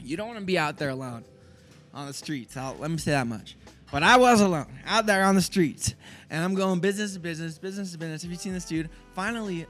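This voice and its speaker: A man who owns a small business, telling a story in a casual, animated way. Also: a little high. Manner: animated, fast-talking.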